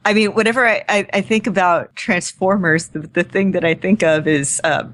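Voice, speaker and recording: A woman's voice: fairly low pitch, steady tone, normal speed, a bit bright. A woman co-hosting a podcast in casual chat, talkative and self-deprecating, often laughing. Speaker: podcast co-host.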